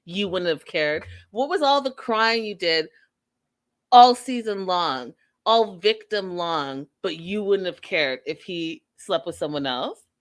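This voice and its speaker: A woman's voice: fairly low pitch, animated, takes it slowly. A woman hosting a casual reality TV recap, sassy and blunt with an exasperated edge. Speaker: podcast host.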